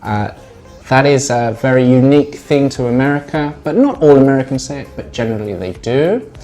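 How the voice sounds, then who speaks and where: British guy teaching english, lots of uh's, mid voice, soft music under it. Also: medium pitch, a little fast. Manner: relaxed, explanatory, with frequent "uh" fillers. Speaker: English language tutor. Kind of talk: explaining English usage to learners.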